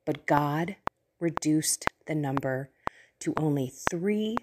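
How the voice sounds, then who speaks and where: A woman's voice: deep voice, takes it slowly, very noisy. A woman hosting a podcast, retelling a Bible story in a conversational way with playful asides. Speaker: podcast host. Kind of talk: casual Bible teaching.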